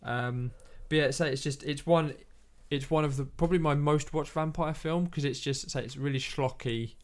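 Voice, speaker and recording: A man's voice: fairly high pitch, moderate pace. Casual rambling man. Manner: rambling, enthusiastic, many fillers and restarts. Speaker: podcast co-host. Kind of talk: casual chat about films.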